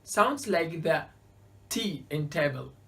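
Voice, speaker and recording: A woman's voice: low-pitched, lively intonation, takes it slowly, a bit bright. A woman teaching a beginners' alphabet lesson, carefully sounding out each letter and example word. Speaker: Arabic teacher.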